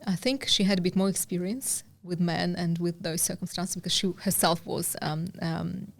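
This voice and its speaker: A woman's voice: fairly low pitch, fairly even intonation, normal speed, creaky. A middle-aged woman from Uzbekistan, a guest telling a personal story in an interview, earnest and hesitant with many fillers.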